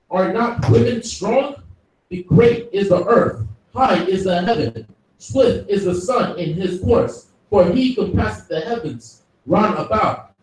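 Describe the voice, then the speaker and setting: Slow, high male scripture reader, halting, distant and echoey. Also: a little mellow. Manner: careful, halting reading with restarts. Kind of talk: reading scripture aloud. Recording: echoey hall, mic far off.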